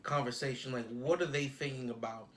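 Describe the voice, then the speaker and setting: A man's voice: medium pitch, fairly quick, a little hiss or hum. Rambling man in casual podcast talk. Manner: rambling, animated when acting out scenes. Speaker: podcast co-host. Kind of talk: casual chat.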